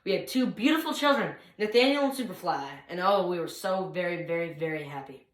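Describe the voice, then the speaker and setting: A young woman performing a comic monologue at a speech contest, animated and swinging from loud bursts to hushed asides. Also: fairly low pitch, a little fast. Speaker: speech competitor. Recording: roomy echo.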